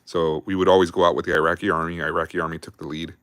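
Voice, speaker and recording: A man's voice: low-pitched, little pitch movement, very fast, fairly bright tone, clean tone, dry recording, clean studio sound. A man, an army veteran hosting a livestream, telling war stories casually with lots of swearing and fillers while drinking beer. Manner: rambling, profane, heavy on fillers. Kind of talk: casual storytelling.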